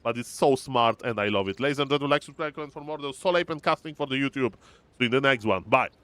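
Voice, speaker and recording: A man casting a strategy video game match, excitable and fond of repeating catchphrases to his audience. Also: medium pitch, fast, no room sound. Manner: excitable, repeats catchphrases, addresses "ladies and gentlemen". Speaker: game caster. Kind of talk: excited esports commentary.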